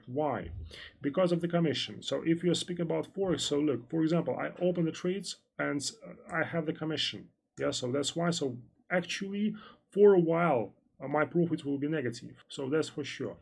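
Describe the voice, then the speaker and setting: Gravelly Russian-accented man teaching. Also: fairly high pitch, a little mellow. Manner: halting, repetitive, many fillers. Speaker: trading instructor. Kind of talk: live-stream lesson answering chat questions.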